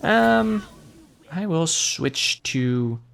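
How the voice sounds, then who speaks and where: Gravelly, brash gamer man. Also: a little high, sing-song, extremely slow, fairly bright tone. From United States. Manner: brash, profane, sarcastic banter. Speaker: gameplay commentator. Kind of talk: casual gameplay commentary.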